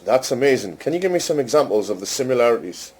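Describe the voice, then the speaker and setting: A man casually chatting with an AI assistant, amused and teasing, speaking slowly and carefully to it. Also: mid-range voice, very animated, a little mellow, breathy edge. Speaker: host testing a voice chatbot. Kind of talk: casual chat with an AI.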